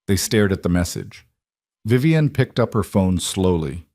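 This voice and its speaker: A man reading a scripted story in an even, unhurried way. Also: low voice, no room sound, clean studio sound. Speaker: narrator. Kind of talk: scripted narration.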